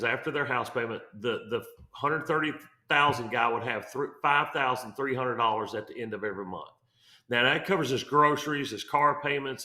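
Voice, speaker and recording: A man's voice: mid-range voice, sharp tone, reverberant. A man talking through mortgage numbers on a real estate show, rambling with lots of fillers and restarts. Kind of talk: casual podcast explainer.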